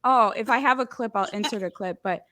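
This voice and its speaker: A woman hosting a casual podcast chat, telling lively stories full of "like" fillers and quick laughs. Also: a little high. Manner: lively storyteller, many "like" fillers, laughs often.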